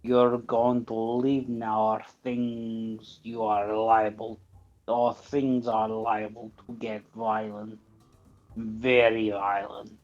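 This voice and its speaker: A man voicing a threatening male mob gang thug in a put-on Russian accent, speaking low and slow. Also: little pitch movement, a little mellow, lo-fi sound, soft background music. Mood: menacing.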